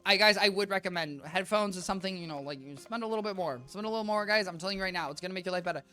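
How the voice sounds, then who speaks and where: Rambling, bright-voiced game streamer. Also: mid-range voice, very fast. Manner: chatty, rambling, addresses chat as guys. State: worn-out voice. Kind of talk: live-stream chat while playing.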